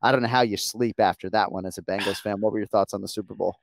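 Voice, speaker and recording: A man's voice: lowish voice, fairly even intonation, fast, creaky, no echo. A man hosting a sports podcast in casual, joking chat, laughing easily and swearing now and then. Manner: laughing, easygoing, profane. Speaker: podcast host.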